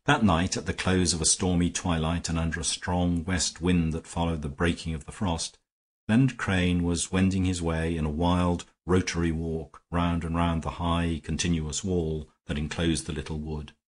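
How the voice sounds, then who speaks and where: A male audiobook narrator reads in a measured, steady manner. His voice is low and noticeably husky, never bright or crisp. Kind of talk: scripted narration.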